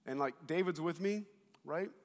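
Man, pastor, sermon, high voice, animated storyteller, talks to the congregation, lapel mic, long hall reverb. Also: moderate pace.

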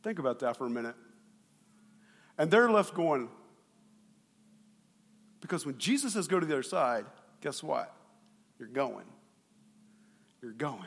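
A male pastor preaching a sermon in a playful, animated way, acting out voices. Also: mid-range voice, slow pace, creaky, long pauses, slightly rough, long reverb tail.

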